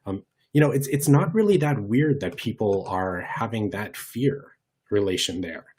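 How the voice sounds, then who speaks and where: A man with a low, husky voice leads an online workshop. He talks in a lively, conversational way, asking the audience questions and jumping his voice around to demonstrate points. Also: moderate pace. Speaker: workshop presenter.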